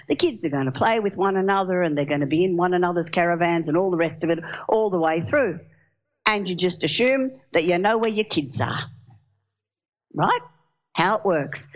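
A woman gives a sermon in a slightly low voice. She tells stories with lively energy and often puts questions to her listeners. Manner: lively storyteller, asks the audience questions. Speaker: preacher. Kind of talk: sermon with storytelling.

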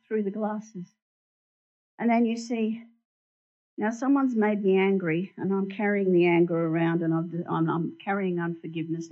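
A woman giving an animated sermon in a church, asking the congregation questions and showing them props. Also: mid-range voice. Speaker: church speaker. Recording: dull lo-fi recording.

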